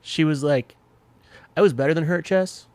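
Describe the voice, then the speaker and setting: A man's voice: on the high side, normal speed, a little mellow, no echo. A man speaking as a podcast guest in casual conversation, candid and emotional, swearing freely and close to tears. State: tearful.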